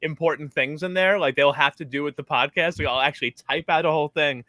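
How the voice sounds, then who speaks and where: A man with a bright, slightly high voice, talking casually as a podcast co-host. He rambles through animated stories, and the sound is dry and close. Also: quick pace, no room sound. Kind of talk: casual chat.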